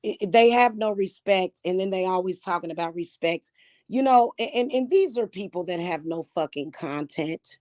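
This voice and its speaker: A woman vlogger ranting angrily to her viewers, swearing heavily, repeating insults and rising to shouts. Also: fairly low pitch, lively intonation, moderate pace, no room sound, clean studio sound. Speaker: spiritual vlogger. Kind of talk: angry rant to camera.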